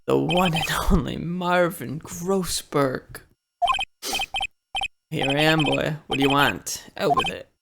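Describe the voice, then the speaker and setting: A woman voicing a pompous, evasive elderly male lawyer in a game, with a hushed, drawn-out manner. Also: low voice, creaky, heavy background noise, exaggerated voice. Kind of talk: reading game dialogue aloud. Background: game music.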